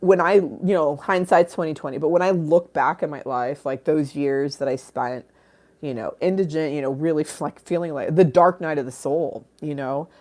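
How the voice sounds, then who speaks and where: Low-voiced woman rambling candidly on a livestream. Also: fairly even intonation, moderate pace, darkish tone. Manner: rambling, candid, laughs and swears often. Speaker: livestream host. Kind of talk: casual livestream chat.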